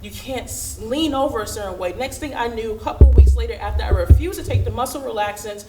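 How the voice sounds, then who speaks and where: A woman's voice: on the high side, fast talker, roomy sound, far from the mic, over loud music, poor audio. A woman in her thirties telling a candid, humorous personal story and acting out the dialogue.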